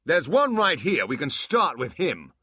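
A man voicing a proud, hostile demon warrior leader who speaks loudly and accusingly, close to shouting. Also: medium pitch, sing-song, measured pace, dry recording, pitched above the performer's own voice, heavily acted. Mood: roaring. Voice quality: loud, raised, shouting. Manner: blustering, accusing.

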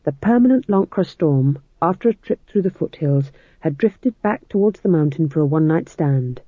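Wry storybook narrator, lively voice, sounds like it's over a phone. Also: mid-range voice, moderate pace, no echo. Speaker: audiobook narrator. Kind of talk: scripted narration. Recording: tinny phone-like audio, dry.

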